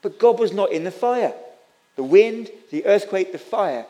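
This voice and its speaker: A man's voice: high-pitched, lively intonation, a little slow, warm tone, soft background music. A man preaching a sermon, impassioned and repetitive, stumbling over restarts as he builds his points. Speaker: pastor.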